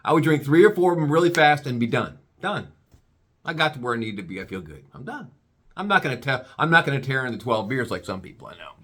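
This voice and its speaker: A man tells a comic story with lots of buildup and playful asides. His pitch swoops around a lot, and his voice sits in a middle range. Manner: animated, drawn-out comic buildup.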